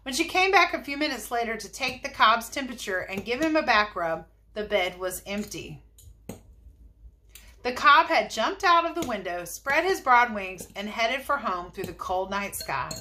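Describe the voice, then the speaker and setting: A woman teacher reading a chapter book aloud, in an expressive, lively way. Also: on the high side, moderate pace. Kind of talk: storybook read-aloud.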